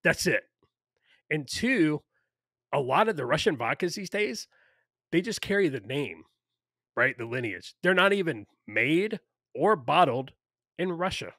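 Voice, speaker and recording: A man's voice: on the high side, very animated, a little slow, pauses often, pushed and bright, dry recording, studio quality. A man co-hosting a podcast in casual, opinionated chat, ranting with lots of fillers and profanity. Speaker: podcast co-host.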